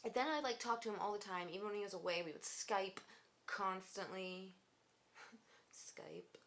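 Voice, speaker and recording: A woman's voice: medium pitch, fairly quick, a bit bright, slight background noise. A young woman vlogger telling a personal story in casual chat, sarcastic and swearing a lot, full of "like" fillers.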